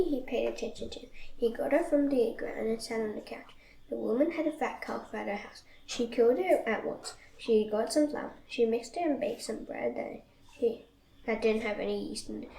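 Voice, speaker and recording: Woman reading scripture aloud; fairly high, gravelly voice in an echoey room. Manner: steady reading with slips and restarts. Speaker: Bible reader. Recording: echoey room, faint noise.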